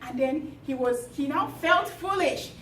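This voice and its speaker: Woman storyteller, chatty, high voice; distant mic in a roomy space. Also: unhurried, slight background noise. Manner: chatty, lively, many fillers. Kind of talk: retelling a fairy tale to a group. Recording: echoey room from far off.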